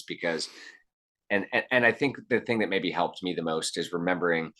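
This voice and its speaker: A man with a very low, deep voice talks as an interview guest. He is earnest and reflective, circling back and restarting his sentences as he works through an idea. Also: normal speed, a bit bright. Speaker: guest, keynote speaker. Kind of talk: conversational interview answers.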